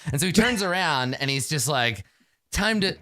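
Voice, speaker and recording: A man narrating as game master in a rambling, animated storytelling way, full of fillers and restarts. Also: medium pitch, brisk, no echo.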